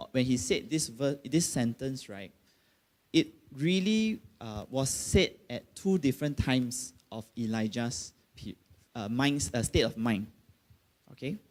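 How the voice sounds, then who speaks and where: This middle-aged pastor speaks with a Malaysian English accent at medium pitch. He preaches his sermon conversationally, with plenty of fillers and sudden emphatic bursts.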